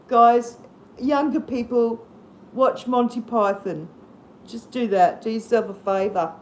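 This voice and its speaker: A woman's voice: mid-range voice, unhurried, a little mellow, slight background noise. A middle-aged Australian woman chatting casually on her live stream, rambling and self-deprecating and laughing easily at herself.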